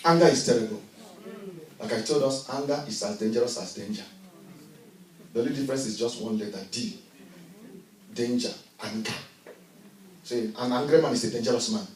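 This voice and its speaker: A male pastor preaching a sermon in a church, swinging from hushed lines to shouting. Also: medium pitch, moderate pace, pauses often. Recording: echoey church, miked from a distance.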